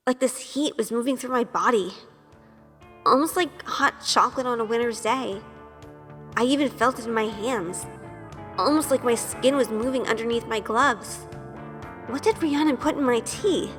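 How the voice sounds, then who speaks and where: A shy, nervous young woman tells her story in an earnest inner monologue, often questioning herself. Her voice sits a little high and carries a long reverb, with soft music underneath. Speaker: narrator. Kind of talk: first-person audio drama narration.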